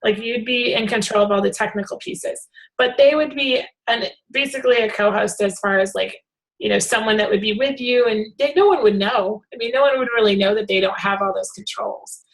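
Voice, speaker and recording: A woman organizing a hangout talks to a group on a video call, her pitch a touch high and her pace brisk. She rambles, restarts and uses lots of filler words while keeping an animated, friendly flow, and the recording is rough.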